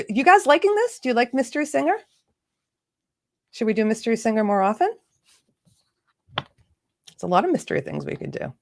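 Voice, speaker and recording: A woman's voice: fairly high pitch, darkish tone. A woman hosting a casual livestream, chatting in a bubbly way straight to her viewers and a remote chat. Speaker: livestream host.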